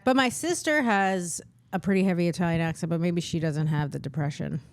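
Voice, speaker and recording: A woman from New York talking in a deadpan way with dark humor as a comedian guest in a casual chat. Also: on the low side, a little fast, no echo, clean studio sound. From the Bronx, New York.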